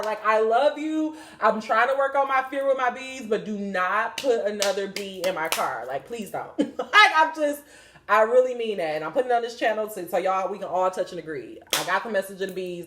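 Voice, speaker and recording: A woman's voice: mid-range voice, a little fast, few pauses, noisy background. A young woman hosting a podcast, chatting candidly about spiritual signs in a rambling, swearing way. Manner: rambling and profane, with many fillers. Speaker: podcast host. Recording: roomy echo.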